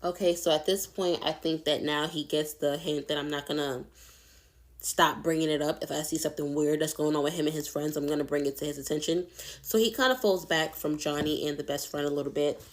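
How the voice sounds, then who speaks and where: A woman's voice: low voice, fairly even intonation, fairly quick. A young adult woman telling a personal story in a casual, candid, chatty way, swearing freely.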